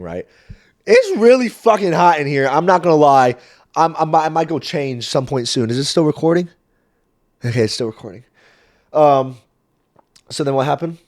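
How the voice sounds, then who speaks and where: A man hosting a podcast, telling a story in a casual monologue, swearing and addressing the listener directly. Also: mid-range voice. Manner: profane, animated, talks to the listener directly. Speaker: podcast host.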